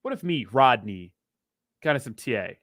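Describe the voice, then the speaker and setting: A man's voice: medium pitch, big pitch swings, normal speed, fairly bright tone, no room sound, clean studio sound. A man hosting a casual crypto livestream, rambling and joking as he reads viewer comments aloud.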